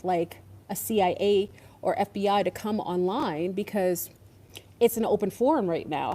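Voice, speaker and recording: A woman's voice: mid-range voice, dark tone. A woman ranting in casual commentary, exasperated and sarcastic, now and then mocking others in put-on voices. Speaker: podcast host.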